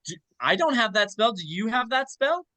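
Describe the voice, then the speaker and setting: A player in a tabletop game, animated and insistent, acting out what their character does. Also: medium pitch, moderate pace, no echo, low-quality recording. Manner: animated and insistent, retelling scenes. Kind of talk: casual tabletop game banter.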